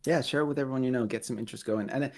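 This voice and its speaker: A man's voice: medium pitch, racing, a little mellow. A man chatting as an interview guest over a video call, rambling, correcting himself and laughing often. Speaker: guest, Lego builder. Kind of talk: casual interview chat.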